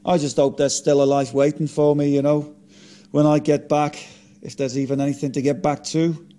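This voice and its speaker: A man's voice: a little high, little pitch movement, normal speed, mellow, close to an everyday voice. A man doing a rueful famous musician. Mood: downbeat. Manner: dry, self-mocking quips. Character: resurrected famous musician, male, rueful and wry.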